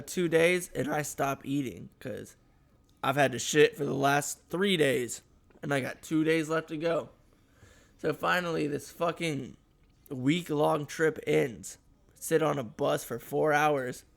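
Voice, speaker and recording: Gravelly young man telling a story. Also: fairly high pitch. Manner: rambling, crude, laid-back. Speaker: podcast co-host. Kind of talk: casual storytelling.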